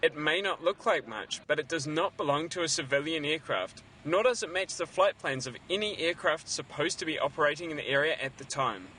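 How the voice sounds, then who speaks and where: A man filing a recorded news report outdoors in a city, with a measured, even delivery. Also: fairly high pitch, slight background noise.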